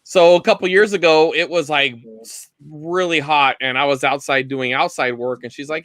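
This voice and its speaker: A man in his thirties on a video call, telling a funny work story in a casual, animated way. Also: moderate pace, no room sound. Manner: animated storyteller, jumps into high voices for quotes. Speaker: guest on live vinyl chat. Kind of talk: casual anecdote on a live stream.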